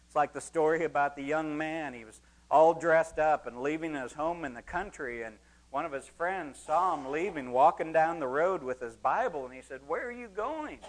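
Male preacher, slightly high voice, expository sermon, animated quoted lines. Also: normal speed, poor audio.

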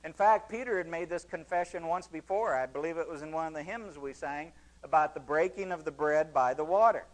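Man, pastor, sermon, high-pitched, emphatic preaching. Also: a little fast, hardly any pauses, poor audio.

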